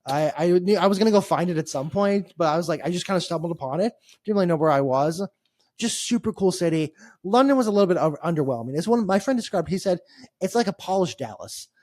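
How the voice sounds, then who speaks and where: A man's voice: sits high, lively intonation, fast talker, darkish tone, dry recording, clean studio sound. A man co-hosting a podcast, telling a long travel story in a rambling, wry, exasperated way. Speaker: podcast co-host. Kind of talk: casual chat.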